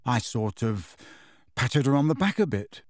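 A man's voice: on the high side, sing-song, moderate pace, no echo, studio quality, voice pushed up. A man reading an audiobook, voicing an awkward, embarrassed teenage schoolboy who talks hesitantly. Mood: sheepish. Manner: hesitant, sheepish. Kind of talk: audiobook character voice.

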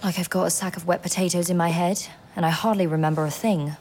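A woman's voice: on the low side, fairly even intonation, fast talker, a little mellow, slight background noise, natural voice. An actress playing a stern, suspicious female intelligence agent in a radio drama, speaking bluntly.

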